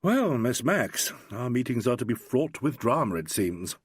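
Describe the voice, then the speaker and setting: A man reading a calm, wry detective. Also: medium pitch, measured pace, husky, no room sound, clean studio sound. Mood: matter-of-fact. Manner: matter-of-fact and wry. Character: calm, dry-humoured male detective.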